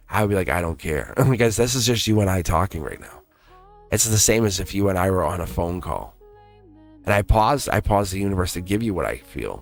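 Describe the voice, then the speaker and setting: A man giving a live-streamed tarot reading in an earnest way, repeating himself and laughing often. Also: low voice. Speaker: tarot reader.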